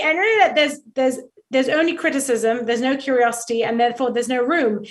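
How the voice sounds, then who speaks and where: A woman speaking as a guest expert on a talk show, giving animated advice and acting out little quoted exchanges. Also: high voice, moderate pace. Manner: lively, acts out quoted dialogue, rhetorical asides.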